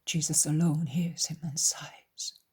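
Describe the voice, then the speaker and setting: A woman narrating an audiobook in a soft whisper, very slow and hushed. Her voice is heavily breathy and airy and sits somewhat low. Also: flat delivery. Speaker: audiobook reader.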